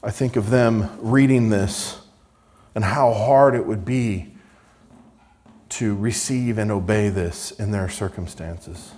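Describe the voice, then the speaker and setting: A man with a fairly low voice delivers a sermon. He reads scripture aloud with mounting emphasis and slips into dry sarcasm to make a point. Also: takes it slowly, a little mellow. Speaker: preacher.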